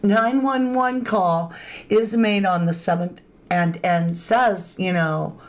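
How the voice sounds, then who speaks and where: A woman's voice: medium pitch, slow pace. A woman hosting a true crime livestream in a chatty, casual way, greeting viewers by name and adding emphatic asides. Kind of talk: casual live-stream commentary. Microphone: webcam or phone on camera.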